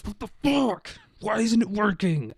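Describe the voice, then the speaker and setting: A man impersonating a furious older male national leader who yells and curses at his generals in a high, strained voice. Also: lively intonation, measured pace, vocal fry, husky, no room sound, clean studio sound, heavily acted. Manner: explosive, cursing, exasperated.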